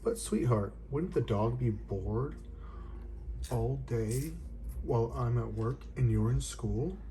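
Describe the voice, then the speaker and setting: A man's voice: medium pitch, unhurried, mellow, a little hiss or hum, lightly acted. A man reading as a patient, soothing mom. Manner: soothing, reasonable. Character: kind patient mother, gently refusing.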